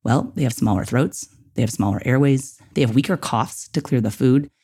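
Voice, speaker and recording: A man's voice: medium pitch, animated, moderate pace, dark tone, husky. A man hosting an instructional podcast, talking directly to listeners in a coaching way and often checking in with "okay" and "right". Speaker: podcast host.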